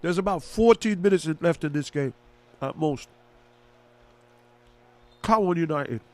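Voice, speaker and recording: A man reacts to a football match as it unfolds, commentating casually like a fan who clearly backs one team. He's chatty and excitable, his voice sits on the higher side, and his pace is a touch slow.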